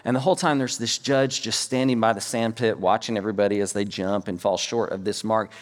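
A man's voice: lowish voice, fairly quick, long reverb tail. A middle-aged man from the United States preaching a sermon, telling stories and acting out quotes as he goes. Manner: storytelling preacher, animated with acted-out quotes. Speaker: pastor.

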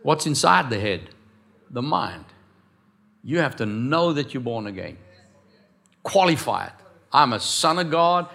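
A man preaching a lively sermon as pastor of a church, acting out voices and quotes along the way. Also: medium pitch, a little slow, vocal fry, long pauses.

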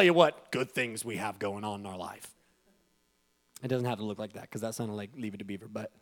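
A man in his thirties giving a devotional talk, telling a family story with laughter and rising emotion. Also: fairly quick. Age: 30s. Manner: animated, laughing, voice climbing high when moved. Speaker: speaker.

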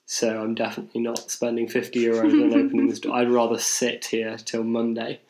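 A man's voice: mid-range voice, completely flat delivery, fairly quick, darkish tone, poor audio. Rambling self-mocking young man. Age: young adult. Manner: rambling, self-mocking, with many restarts and fillers. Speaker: podcast co-host. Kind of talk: casual storytelling chat.

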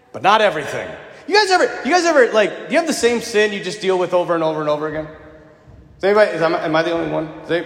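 A man preaching to a congregation in a high, animated voice that leaps up and drops low. He slips into voices for the figures he quotes and keeps asking the room questions. The sound rings through a big, echoey church. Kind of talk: sermon. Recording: echoey church with long reverb.

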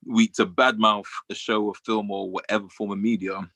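Brief: male podcast co-host, very deep voice, dry close sound, thoughtful and easy to laugh. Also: flat delivery, sharp tone, no echo. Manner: measured and reflective, laughs easily. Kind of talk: casual chat.

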